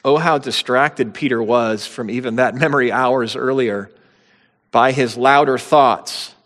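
A man's voice: mid-range voice, a little slow, a bit bright. Man preaching in a reverberant hall. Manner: conversational teaching with bursts of dramatic quotation. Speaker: pastor. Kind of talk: sermon.

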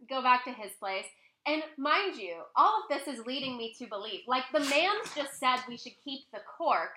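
A young woman vlogger telling a personal story in a casual, chatty way at home, full of fillers and animated quoting. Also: a little high, echoey room. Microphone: laptop mic, close.

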